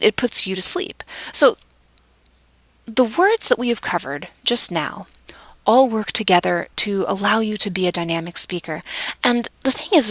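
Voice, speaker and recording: A woman's voice: medium pitch, creaky, no room sound. A woman teaching vocal delivery in a lecture, conversational, asking rhetorical questions and dropping into whispers to stress points. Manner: demonstrative, varies volume and pace deliberately, drops to whispers for emphasis. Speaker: speech instructor.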